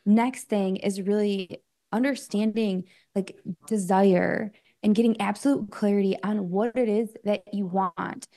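A woman coach, appearing as an interview guest, chats loosely in a mellow, warm voice at a typical female pitch, her tone steady and her pace unhurried. She scatters "like" and "um" throughout and sometimes voices her own thoughts as small quoted asides in this casual interview talk.

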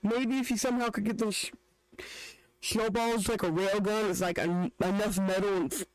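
A man's voice: high voice, fairly even intonation, normal speed, no room sound, low-quality recording. A young man hosting a reaction video, joking and ranting in casual, rambling commentary. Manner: joking, rants with restarts.

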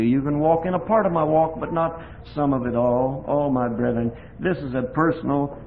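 An older man preaching an impassioned sermon with a personal testimony, swinging between hushed, quiet passages and loud, emphatic ones. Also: fairly high pitch. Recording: tinny lo-fi recording with faint hiss.

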